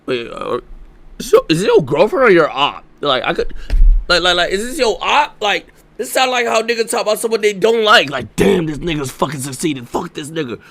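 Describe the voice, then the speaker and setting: A man with a raspy, gravelly voice reacts to clips on stream. He sounds incredulous and swears freely. His pitch swings widely and sits a touch high. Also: big pitch swings, brisk, sharp tone. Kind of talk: casual reaction commentary.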